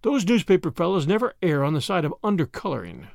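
A man voicing a quiet, kindly stranger on a train who speaks calmly. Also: sits high, fast, gravelly, no room sound, studio quality, exaggerated voice. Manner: quiet, calm.

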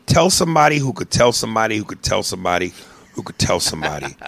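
A man with a gravelly, bright voice co-hosts a comedy podcast. His pitch swings widely as he barks profane, bossy banter in a loud, animated way. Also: quick pace, no echo. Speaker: podcast co-host.

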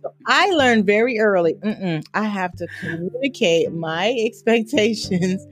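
Woman, therapist guest, lively storyteller, laughs a lot, faint music under her. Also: mid-range voice, unhurried. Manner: animated storytelling with frequent laughter. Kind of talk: podcast interview.

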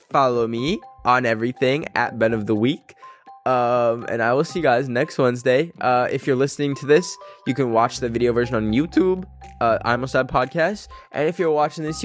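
A young man hosts a podcast alone in casual chat, rambling along with constant filler words and self-mocking jokes. His voice sits at an ordinary middle pitch and sounds dry and close, with no room around it. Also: no echo. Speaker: podcast host.

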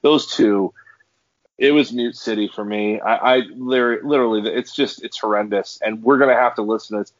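A man's voice: lowish voice, moderate pace, no echo. Male podcast co-host, heated ranter, trips over restarts; dull, dry lo-fi sound. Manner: ranting, animated, stumbling restarts. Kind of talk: heated casual sports talk.

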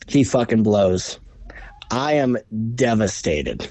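Male bowhunting guest, mid-pitched, swearing through an excited story, dry close sound. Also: dry recording. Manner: animated, profane, fast retelling. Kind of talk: casual storytelling.

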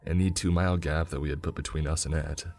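A man with an extremely deep, low voice narrates a scripted horror story. His delivery is measured and grim, with faint music playing quietly beneath. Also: steady tone.

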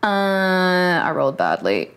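A woman playing a tabletop game, tentative and quick to laugh. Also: on the low side, very animated, fairly bright tone, clear, resonant tone. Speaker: player. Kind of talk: casual tabletop play.

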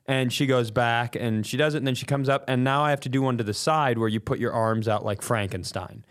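A man's voice: medium pitch, quick pace, hardly any pauses. A middle-aged man with a cough, telling a comic story in casual podcast chat and acting out what people said. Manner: animated, breaks into laughter, acts out quotes. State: sick with a cough. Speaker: podcast co-host.

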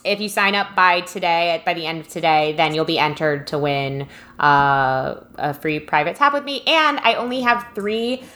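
A woman's voice: on the low side, normal speed, a bit bright. A young woman co-hosting a podcast, chatting casually with lots of giggles. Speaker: podcast co-host.

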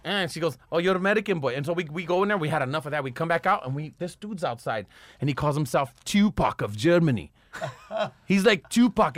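Profane, animated man telling a story. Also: high voice, dry recording. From Los Angeles. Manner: profane, street slang, animated retelling. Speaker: pro skateboarder guest. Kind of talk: casual storytelling.

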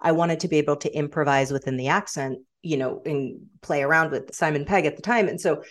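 A woman guest in casual conversation, telling animated stories and slipping into quoted voices. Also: deep voice, fairly quick. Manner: animated storyteller who slips into quoted voices.

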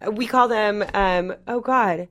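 A woman's voice: mid-range voice, unhurried, fairly bright tone. A woman in her thirties talks as a podcast co-host in a mid-range voice. Her chat is loose and candid, with plenty of swearing. She keeps stalling on "um" and "like" as she thinks aloud. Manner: frank and profane, full of "um" and "like". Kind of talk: casual chat.

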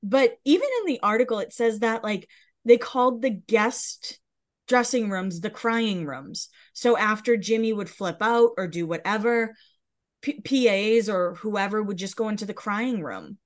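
Female co-host, gossipy and casual, middle pitch. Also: measured pace. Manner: chatty, gossipy, says "like" a lot. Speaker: podcast co-host. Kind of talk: casual pop-culture chat.

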